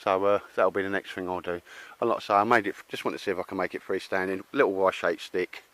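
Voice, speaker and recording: Showing off a tarp shelter outdoors at a campsite, this laddish outdoor gear vlogger speaks with a London Cockney accent and calls everyone mate in a casual chat. He has a deep, fairly bright voice, fairly even intonation, and talks fast.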